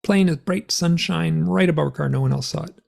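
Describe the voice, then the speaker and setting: A man telling his story in a rambling, animated way, full of fillers, as a guest on an interview show. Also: a little high, a little fast, creaky. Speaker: guest author and experiencer. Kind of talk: conversational storytelling.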